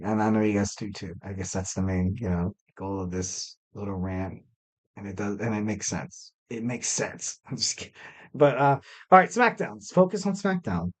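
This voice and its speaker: A young man hosts his own podcast alone, chatting loosely and cheerfully. He rambles, fills gaps with ums and you-knows, and throws in self-deprecating jokes. His voice sits at a middle pitch for a man. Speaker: podcast host. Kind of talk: casual solo podcast talk.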